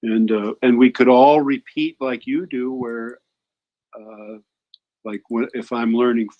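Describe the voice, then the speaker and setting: Man, guest teacher, casual chat, mid pitch, lo-fi dull call audio, long rambling sentences. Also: fairly even intonation, a little slow. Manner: talks in long run-on suggestions with restarts.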